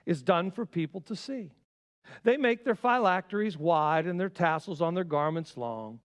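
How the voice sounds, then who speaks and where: A man preaching a sermon as pastor, swinging from loud emphasis to hushed asides. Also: on the high side, big-room sound. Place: church sanctuary.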